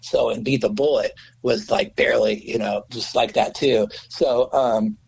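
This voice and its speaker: A middle-aged man, a guest musician, telling anecdotes in an interview, animated, swearing freely and acting out quotes in a raised voice. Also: mid-range voice, measured pace, gravelly, breathy edge, rough recording.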